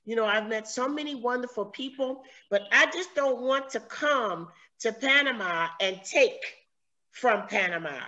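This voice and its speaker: A woman's voice: fairly high pitch, a little slow, bright, forceful tone, highs cut off. A woman from the United States interviewing a guest over a video call, speaking earnestly and emotionally with many fillers.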